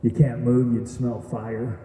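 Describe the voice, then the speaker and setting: A man's voice: mid-range voice, little pitch movement, takes it slowly, dark tone, recorded from a distance, a little hiss or hum. Man telling his story in an echoey hall. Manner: earnest storytelling, addresses audience with questions. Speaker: graduation speaker. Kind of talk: testimonial speech. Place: event hall.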